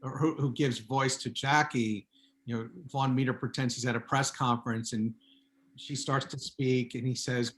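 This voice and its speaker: A man speaking as a guest author on a video call, telling relaxed anecdotes in a chatty way. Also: mid-range voice, normal speed. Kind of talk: casual Zoom talk.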